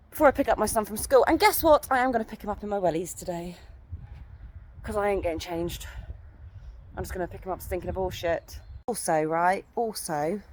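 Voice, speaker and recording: A woman's voice: on the low side, slight background noise. A woman in her thirties, a horse owner, chatting bluntly and swearing freely in a casual ranting vlog from an outdoor yard.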